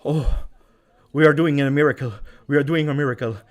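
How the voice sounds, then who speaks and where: Excitable football reactor. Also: male voice, on the high side, brisk. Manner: animated, swings from muttering to shouting. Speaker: live match watch-along host. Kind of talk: live football reaction commentary.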